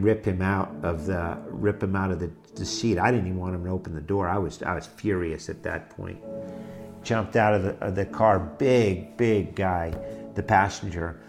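A middle-aged man with a low, gravelly voice tells a personal story, halting and restarting as the memories hit him. Music plays clearly behind him. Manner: halting, restarts, emotional retelling. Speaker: guest telling his life story. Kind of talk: personal testimony.

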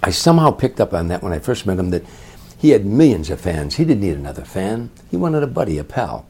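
Husky, mellow older man. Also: deep voice, fast. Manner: lively storyteller who acts out other people's voices. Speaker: comedian guest. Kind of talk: anecdotal storytelling.

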